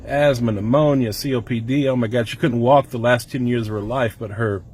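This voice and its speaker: A man's voice: mid-range voice, fairly even intonation, a little fast, darkish tone, a little hiss or hum. Earnest middle-aged man holding back tears. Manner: earnest, rambling, on the verge of tears. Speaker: vlogger. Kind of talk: personal emotional vlog. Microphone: camera mic.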